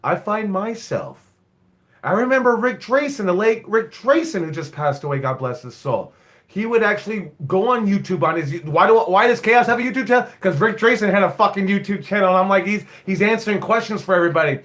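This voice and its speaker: A man's voice: sits high, animated, fairly quick, fairly bright tone. A man in his forties, a wrestling coach, rambling bluntly and swearing freely in a casual live stream. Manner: blunt, profane, rambling storyteller. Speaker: wrestling school owner and head coach.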